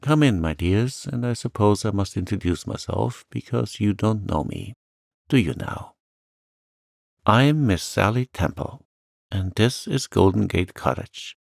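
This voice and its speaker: A man's voice: fairly low pitch, lively intonation, measured pace, gravelly, dry recording, studio quality. A man voicing a lonely, sweet little old lady who talks in a chirpy, eager, fluttery way. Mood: delighted.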